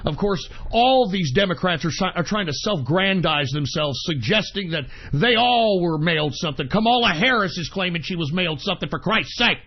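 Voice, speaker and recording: High-pitched ranting radio host, man. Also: gravelly. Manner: angry, profane, shouting tirades; calls listeners folks. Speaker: radio talk show host. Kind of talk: political talk radio rant. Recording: dull lo-fi internet radio recording.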